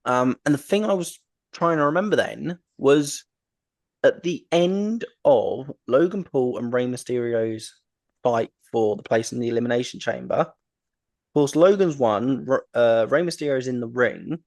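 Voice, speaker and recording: Unhurried and a little mellow, this mid-range male voice belongs to a wrestling podcast host. He rambles enthusiastically in casual conversation, frequently saying um and restarting his sentences.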